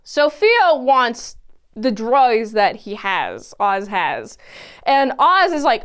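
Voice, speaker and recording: A woman giving a casual, animated recap of a TV episode, often exclaiming and acting out the characters' lines. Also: a little high, slow pace, clear, resonant tone. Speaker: TV episode reviewer.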